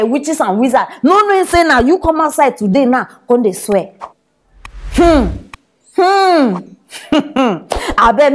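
A woman with a high voice delivers comedy gossip news in a Nigerian Pidgin accent. She teases and scolds her audience and laughs often as she talks. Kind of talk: gossip commentary.

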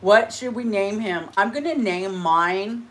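A woman's voice: mid-range voice, measured pace. A woman hosting a casual eating livestream, chatting and giggling with viewers and a friend. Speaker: mukbang livestream host.

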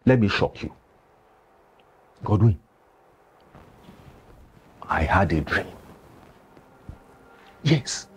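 An actor playing a grave, cautious male village elder with a Nigerian accent, who pleads slowly and speaks in proverbs. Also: sits low, lively intonation, slight background noise, exaggerated voice. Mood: solemn.

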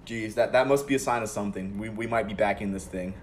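A young man streaming a football video game live, calmly calling plays between excited outbursts. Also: on the low side, quick pace, a little hiss or hum. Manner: excitable, swings between calm play-calling and loud outbursts. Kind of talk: live gameplay commentary.

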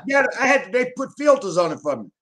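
A man's voice: very high-pitched, sing-song, fairly quick, a loud crowd. A man, a guest telling boastful, profane stories in casual chat. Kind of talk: casual chat about CB radio.

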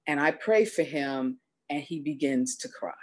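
A woman telling a personal story live, with expressive, self-deprecating delivery. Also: low-pitched, measured pace.

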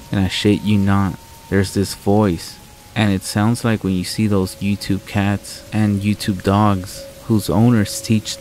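A man's voice: low voice, rough recording. A man narrating a true horror story in the first person, blunt and full of swearing. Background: soft music and rain sounds.

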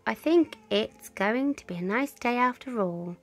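A woman's voice: a little high, lively intonation, measured pace. A woman voicing a kindly, cheerful family father in a storybook reading.

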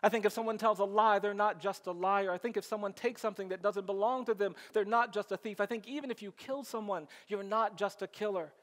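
A man's voice: sits high, fairly even intonation, fairly quick, hardly any pauses, a bit bright. A middle-aged man giving a storytelling keynote speech with a rhythmic, repeating cadence. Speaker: keynote speaker. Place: large conference hall. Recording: long hall reverb.

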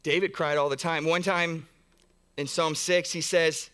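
A man's voice: a little high, steady tone, a little slow, fairly bright tone, clean tone. A man pastor preaching a sermon in a church, earnest, building through long repeated phrases with frequent restarts. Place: church sanctuary.

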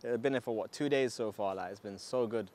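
A man's voice: fairly low pitch, fairly quick, a little mellow. A man vlogging at an outdoor car meet, talking in hyped, slang-heavy street talk while filming on a handheld camera. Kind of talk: casual walkaround vlog. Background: faint outdoor noise.

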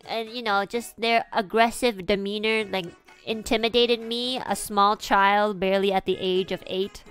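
A woman's voice: medium pitch, fairly even intonation, moderate pace, fairly bright tone, clean tone, faint music behind. A young woman streamer telling a childhood story in a chatty, rambling way, full of fillers. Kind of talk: casual storytelling.

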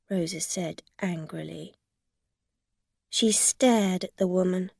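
A woman narrating a story for English learners in a calm, deliberate way. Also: fairly low pitch, gravelly, no echo, clean studio sound.

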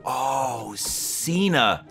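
A young man commenting excitedly on a wrestling sim game, jumping between loud outbursts and muttered asides. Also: mid-range voice, extremely slow, faint music behind. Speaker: gaming YouTuber. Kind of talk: gaming commentary.

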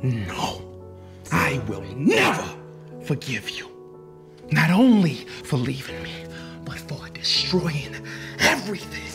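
An actor playing a bitter jilted man, speaking slowly and accusingly. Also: on the high side, huge pitch swings, heavily acted. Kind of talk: romantic drama acting. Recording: music under the voice.

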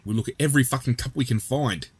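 A man talking through a video game in a relaxed commentary style, at an ordinary mid pitch. He chats and jokes with his viewers and swears freely between his remarks. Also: fast, breathy edge. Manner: chatty, swears freely, jokey asides. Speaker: gameplay commentator. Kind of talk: casual gameplay commentary.

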